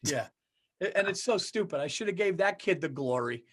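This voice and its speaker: A man co-hosting a podcast in casual chat, telling animated stories, acting out quotes and swearing freely. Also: a little high, brisk. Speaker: podcast co-host.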